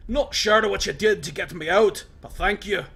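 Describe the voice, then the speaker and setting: A man doing a gruff, growling cyborg scavenger. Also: high-pitched, normal speed, pushed and bright, voice pushed up, exaggerated voice. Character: gruff battered middle-aged male cyborg scavenger.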